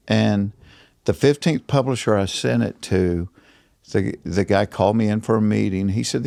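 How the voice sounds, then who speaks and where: A man's voice: fairly low pitch, moderate pace, creaky, no room sound. An older man with a Georgia Southern accent, telling stories as a podcast guest in a studio and acting out the people he quotes. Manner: animated, acts out quoted people. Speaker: guest comedian. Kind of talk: storytelling in a podcast interview.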